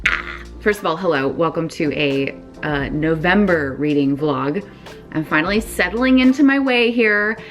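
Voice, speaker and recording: A woman book vlogger chatting casually, excited and gushing, with lots of "like" fillers. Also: deep voice, unhurried, soft background music. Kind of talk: casual reading vlog chat.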